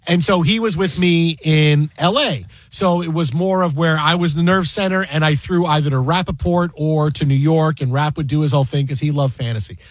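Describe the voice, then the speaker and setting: A man hosting a casual on-air chat, telling a lively anecdote. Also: a little high, normal speed, few pauses, dry recording. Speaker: host.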